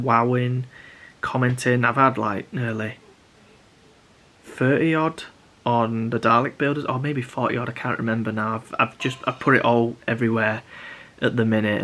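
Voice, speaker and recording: A man's voice: mid-range voice, a bit bright. A young man chatting casually to camera about building props, rambling with many restarts. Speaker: prop maker vlogger.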